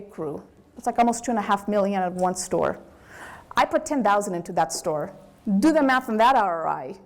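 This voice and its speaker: A woman with a Brazilian accent, a business owner giving a candid, animated lecture to students. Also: sits high. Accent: Brazilian Portuguese. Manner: animated, candid storytelling with acted quotes.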